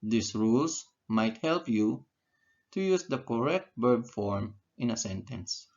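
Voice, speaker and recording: A man's voice: medium pitch, slow pace, a little mellow, muffled recording. A man teaching an English grammar lesson, who asks questions and answers them himself and repeats key words. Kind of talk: slow, deliberate grammar lesson.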